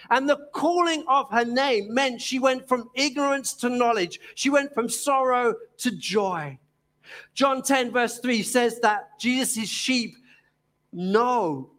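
A man with a Cockney accent from East London preaching a sermon. His voice sits very high for a man, and he takes his time, pausing often between phrases. His delivery is earnest and gently emphatic.

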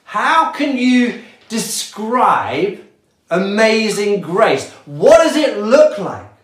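A pastor delivering a sermon with slow, deliberate preaching, letting key words fall softly for emphasis. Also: medium pitch, very animated. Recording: echoey room.

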